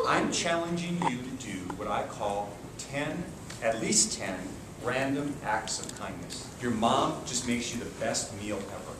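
A man, a martial arts instructor, giving an energetic call-and-response talk to children at a school assembly, coaxing them to repeat phrases. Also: mid-range voice, unhurried. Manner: energetic, coaxing, asks questions and has the kids repeat phrases. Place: large echoey room such as a school gym. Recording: echoey hall from far off with kids' noise. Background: children's voices and room noise.

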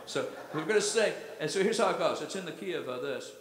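A man's voice: on the high side, animated, quick pace, music in the background. A man, a singer-songwriter, telling rambling stories on stage between songs at a live concert, with a loose, easygoing manner. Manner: laid-back rambling storyteller, says "man" a lot. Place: live music venue, heard from a hall. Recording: roomy live hall with long reverb.

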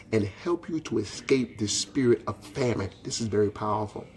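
Low-voiced man preaching a sermon. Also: expressive, normal speed. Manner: impassioned preaching, rising to emphatic questions; folksy and direct, talks to viewers by name. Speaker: pastor.

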